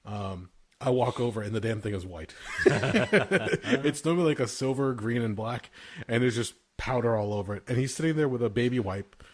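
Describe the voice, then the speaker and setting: A man's voice: medium pitch, animated, moderate pace. Man telling stories and laughing. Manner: swears freely and laughs through his stories. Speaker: podcast host. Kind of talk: casual storytelling chat.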